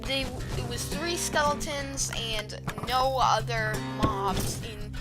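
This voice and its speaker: Higher-voiced lady rambling thru game commentary, laughs at her own mistakes, music going behind her. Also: slow pace. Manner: rambling, self-mocking, with frequent restarts and fillers. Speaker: gaming channel host. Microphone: new desktop microphone.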